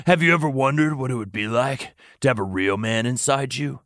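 A man's voice: medium pitch, brisk, a bit bright, no echo, clean studio sound, lightly acted. A man voicing a bossy, teasing young male fae courtier, commanding and playful, as a comedic dramatic reading.

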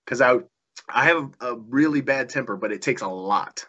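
A man's voice: medium pitch, moderate pace, sharp tone, slightly rough, highs cut off. A man telling a story in casual chat as a guest, acting out quoted lines and swearing freely. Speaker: guest wrestler.

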